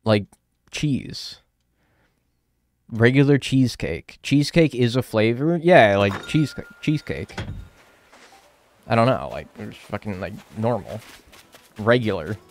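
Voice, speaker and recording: A man's voice: medium pitch, animated, slow, long pauses. A young American man streaming a game, chatting with his viewers in a playful, swearing, mock-arguing way. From United States. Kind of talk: casual chat while gaming, answering chat.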